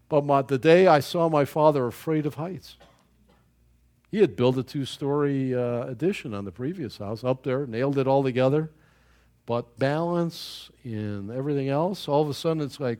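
A man's voice: medium pitch, animated, darkish tone. A man preaching a sermon in a folksy storytelling way, chuckling at his own anecdotes and often restarting his sentences. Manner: halting with repeated restarts.

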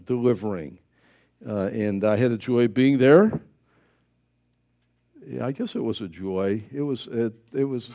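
A middle-aged man preaching a sermon in a joking, animated way, acting out little voices as he goes. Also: a little high. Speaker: pastor.

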